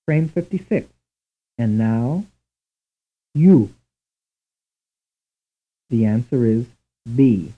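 Slow, husky man reading lesson drills. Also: medium pitch, lively intonation. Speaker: language instructor. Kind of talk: scripted programmed-lesson narration. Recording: tinny, lo-fi old tape.

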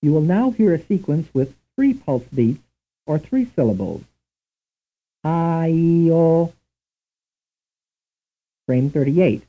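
A man reading a scripted language lesson in a slow, measured, deliberate way, on a tinny old tape recording. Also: fairly high pitch, wildly swooping pitch, husky. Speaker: language instructor. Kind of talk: scripted programmed-lesson narration.

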